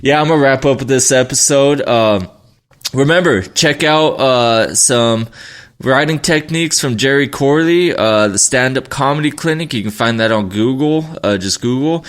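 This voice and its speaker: A young man talks through his solo podcast in loose, unscripted chat. He rambles, swears freely and restarts his sentences often, at a middling pitch. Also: normal speed, a bit bright. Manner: rambling and profane, with many restarts. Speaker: podcast host.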